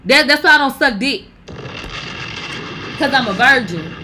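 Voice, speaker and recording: A woman's voice: sits high, expressive, measured pace, background noise. A young woman giving brash, profane gossip commentary, talking straight to her viewers. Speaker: commentary vlogger.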